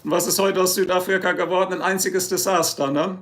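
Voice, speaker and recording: German-accented man, high voice, live-stream host, joking and rambling, chatting with viewers. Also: fairly even intonation, fast, fairly bright tone. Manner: joking, rambling, reads and answers chat. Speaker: livestream host. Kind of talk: casual live-stream chat.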